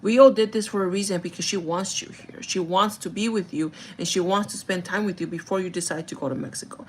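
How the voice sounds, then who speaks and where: A woman's voice: fairly low pitch, steady tone, fast, a little hiss or hum. A woman in her thirties telling a story in casual chat, rambling with lots of "like" and "you know". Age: 30s. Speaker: vlogger.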